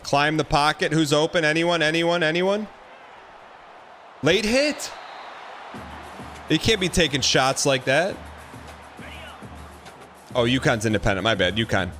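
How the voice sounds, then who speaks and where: A man streaming a football video game, giving excitable running commentary and repeating phrases as he plays. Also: a little high, moderate pace, long pauses, soft background music. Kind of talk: live gameplay commentary.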